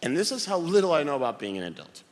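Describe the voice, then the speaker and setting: This stand-up comedian has a higher voice and a quick delivery, spinning wry, animated stories before a live audience. You can hear the hall's reverb and a faint hum of room noise.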